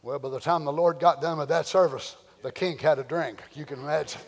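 An older man preaching a sermon, swinging between loud shouting and quiet storytelling. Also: on the high side, fairly even intonation, brisk, vocal fry, long reverb tail. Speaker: pastor.

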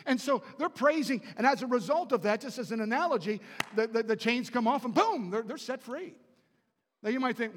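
A man from the Baltimore area preaching a sermon in a chapel, swinging from quiet asides to shouted declarations. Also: extremely high pitch, lively intonation, fairly quick, long reverb tail.

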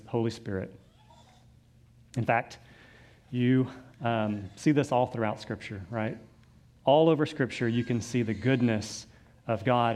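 A man's voice: medium pitch, darkish tone. Man preaching a sermon. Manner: reads scripture aloud, conversational asides with fillers. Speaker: pastor.

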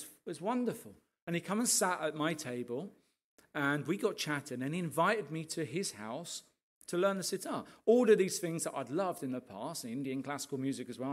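Lively pastor giving a testimony talk. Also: male voice, fairly high pitch. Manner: lively storyteller who often checks in with the listeners.

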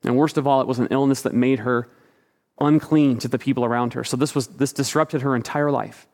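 A man's voice: medium pitch, fairly even intonation, brisk, darkish tone. A man preaching a sermon, retelling the story vividly and acting out the quoted lines. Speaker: pastor. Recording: echoey hall.

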